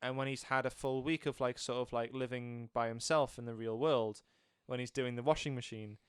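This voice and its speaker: A man's voice: mid-range voice, fairly quick, smooth, no room sound, studio quality. A man in casual chat about a film, retelling scenes and acting out the characters' lines. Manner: animated storytelling, acting out scenes. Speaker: film reviewer.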